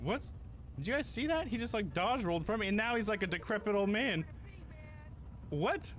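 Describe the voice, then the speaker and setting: A man's voice: high voice, animated, moderate pace, fairly bright tone, slight background noise. A man streaming a game live, chatting casually, swearing a lot and laughing often.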